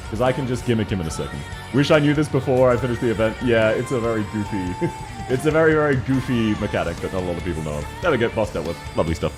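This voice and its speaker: A young man streaming a video game, chatting with viewers and laughing often between casual, swearing remarks. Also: mid-range voice. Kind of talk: casual game commentary reading chat.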